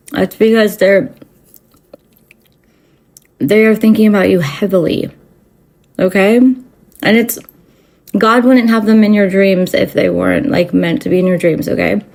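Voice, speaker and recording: Medium in pitch and slightly mellow, her voice belongs to a spiritual channel host. She rambles through an improvised rant to camera, swearing freely and leaning on fillers and repeated restarts.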